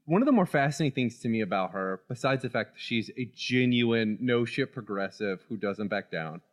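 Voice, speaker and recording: A man's voice: medium pitch, expressive, brisk. A man co-hosting a casual political podcast, talking animatedly and laughing often. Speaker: podcast co-host.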